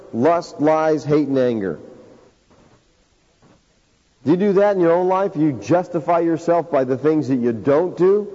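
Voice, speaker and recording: A man preaches with earnest emphasis and leans hard on key phrases by drawing them out. His voice sits a little high but sounds dark and mellow. The recording is dull and lo-fi, with a long reverb trailing off the walls of a church sanctuary. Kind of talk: sermon.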